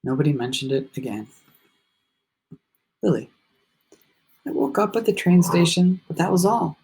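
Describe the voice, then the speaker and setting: A man narrating a children's novel aloud in the first person with a steady, reflective delivery. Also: fairly high pitch, normal speed, slightly rough. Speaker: audiobook reader.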